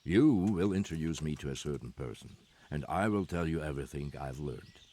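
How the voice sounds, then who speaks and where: A deep-voiced guarded soldier. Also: male voice, expressive, warm tone. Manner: measured, formal, stiff old-fashioned phrasing. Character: guarded middle-aged soldier, formal and secretive. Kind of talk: video game dialogue.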